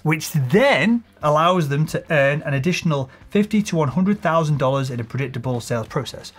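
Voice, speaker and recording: A man teaching as a sales coach, talking straight to camera and acting out example pitches in a relaxed conversational tone. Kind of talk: instructional talk to camera.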